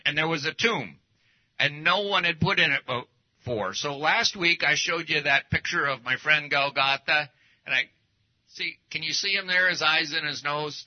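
Man, pastor, folksy sermon, slightly high voice, dull lo-fi recording. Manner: folksy, anecdotal, speaks while showing slides. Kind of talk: casual teaching sermon.

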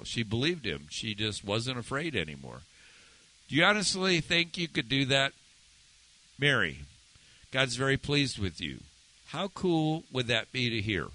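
A pastor delivers a conversational sermon, often putting questions to his listeners and swinging his pitch for emphasis. His tone is sharp, and the recording is low quality.

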